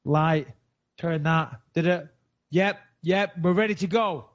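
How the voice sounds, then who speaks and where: A man's voice: a little high, takes it slowly. Man, boastful, swears a lot, podcast host, dull muffled recording. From England. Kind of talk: casual podcast banter. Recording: dull lo-fi sound.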